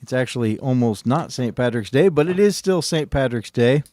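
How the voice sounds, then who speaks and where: A middle-aged man hosts a live stream in a jokey, casual way. His pitch swings lively up and down, and the recording is dry and close. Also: moderate pace, no echo. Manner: jokey and playful, lots of fillers. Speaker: co-host of a trading live stream.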